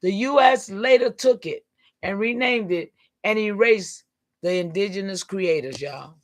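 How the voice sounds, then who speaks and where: A woman, hosting a livestream and preaching emphatically to her viewers in call-and-response style, sometimes breaking into shouts. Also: mid-range voice, a little slow. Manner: emphatic, repeatedly rallying listeners with "come on, y'all". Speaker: livestream host.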